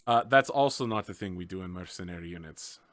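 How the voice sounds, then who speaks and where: A man's voice: low-pitched, background noise. A man narrating a tabletop game as game master, playful and describing the scene. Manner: playful, narrates scenes and voices characters in quick asides.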